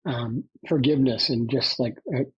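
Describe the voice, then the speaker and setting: Here the ex-SEAL podcast guest tells his story at a moderate pace, his mid-range voice slightly rough. It's conversational storytelling delivered with emphatic coaching energy and frequent "right?" checks, on audio where the highs are cut off.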